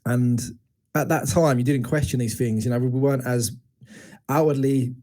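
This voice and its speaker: A dark-toned, mid-range voice with a steady tone and moderate pace comes from a men's educator in his forties, a guest on an interview podcast. Reflective and frank, he relates a painful personal story, often restarting his sentences and acting out quotes.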